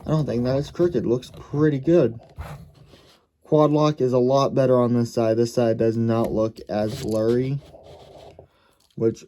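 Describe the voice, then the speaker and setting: Dark-voiced man rambling through a hobby review. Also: medium pitch, steady tone, a little slow, pauses often. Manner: rambling, self-correcting, thinking aloud. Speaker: diecast collector reviewing a model car.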